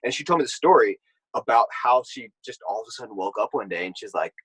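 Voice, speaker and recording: A man in a podcast guest spot with a husky voice, picked up close and dry. He talks in a reflective, affirming way and laughs often. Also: mid-range voice, lively intonation, fast, a bit bright, no echo, poor audio. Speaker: podcast guest, spiritual mentor. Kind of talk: casual podcast conversation.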